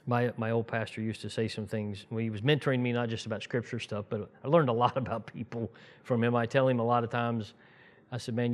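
Man preaching a conversational sermon. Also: mid-range voice. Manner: conversational storytelling, rising to fervent preaching. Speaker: pastor. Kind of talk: sermon with personal stories.

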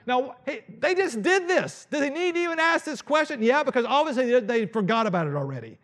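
A male pastor preaching a dramatic, animated sermon and acting out Bible scenes. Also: very high voice, a little fast, hardly any pauses.

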